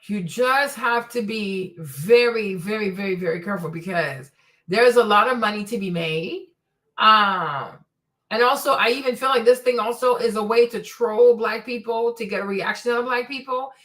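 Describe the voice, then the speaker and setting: A woman's voice: medium pitch, moderate pace, fairly bright tone. A woman hosting a streamed commentary show, talking emphatically and repeating words for stress. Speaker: host.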